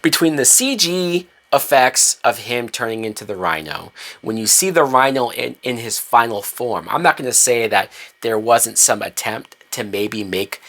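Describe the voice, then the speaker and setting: A man ranting in a movie review, heated and profane, with emphatic swings in pitch and loudness. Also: animated, moderate pace.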